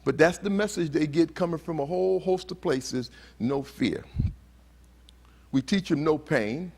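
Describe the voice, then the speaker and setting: A man's voice: fairly high pitch, measured pace, creaky, darkish tone, slightly rough. A man giving a motivational talk at a conference. He asks the audience questions and acts out heated quotes. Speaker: conference speaker. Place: conference hall.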